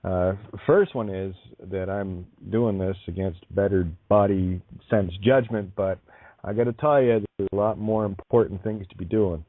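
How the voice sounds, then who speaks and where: A man's voice: on the low side, normal speed, dry recording. Blunt, profane male radio host on a phone line. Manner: frequent laughs and restarts. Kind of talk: internet radio monologue. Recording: tinny phone-like sound, dry.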